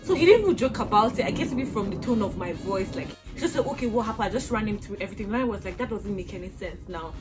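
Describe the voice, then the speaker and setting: A young Nigerian woman with a Nigerian accent, telling a storytime vlog in an animated, exasperated way with acted-out outbursts. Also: fairly high pitch, racing, hardly any pauses, over loud music. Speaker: vlogger.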